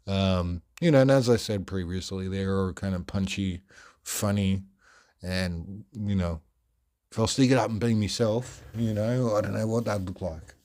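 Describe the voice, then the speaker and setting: Mellow-voiced Australian man telling stories. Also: fairly low pitch. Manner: projected, animated, deliberately clear speech; rambling with frequent fillers. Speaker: podcast host. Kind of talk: storytelling monologue.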